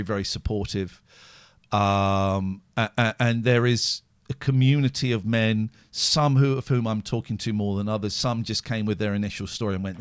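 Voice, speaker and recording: Raw, swearing man, lively pitch. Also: no echo, studio quality. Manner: raw, heavily profane, halting with restarts. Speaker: podcast host. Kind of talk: emotional live-stream monologue.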